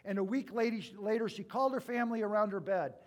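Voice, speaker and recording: High-voiced male pastor preaching. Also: fast talker. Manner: storytelling with wide swings from loud to hushed. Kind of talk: sermon.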